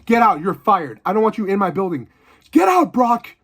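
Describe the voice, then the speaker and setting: A man voicing a bossy, furious middle-aged newspaper editor who barks and shouts as he fires someone. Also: high voice, big pitch swings, normal speed, slightly rough, voice pushed up, exaggerated voice. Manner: barking, indignant, shouting.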